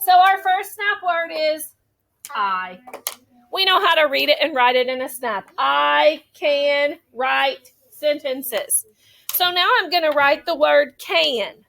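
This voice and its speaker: A young woman teaching a classroom phonics lesson, slowly modeling sentences and praising the children. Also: high-pitched, expressive, sharp tone. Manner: slow, drawn-out modeling of sentences, encouraging.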